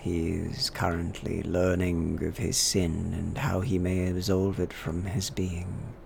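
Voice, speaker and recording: A man voicing a towering, sinister preacher who speaks slowly and coldly. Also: low-pitched, completely flat delivery, vocal fry, darkish tone, a little hiss or hum, heavily acted. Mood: menacing. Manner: slow, cold, measured. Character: towering sinister male preacher, eight feet tall.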